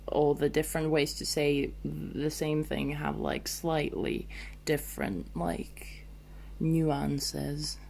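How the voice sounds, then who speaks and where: Woman co-host of a learners' podcast; lower pitch, very slow, thoughtful delivery. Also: creaky, darkish tone, slight background noise. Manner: slow and thoughtful, hesitant fillers. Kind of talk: casual teaching chat.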